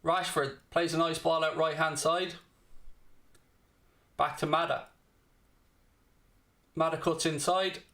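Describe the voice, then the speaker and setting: A man's voice: a little high, steady tone, takes it slowly, long pauses, sharp tone. A young man hosting a live football watchalong, commentating on the match and ranting and swearing back at his chat. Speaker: watchalong host.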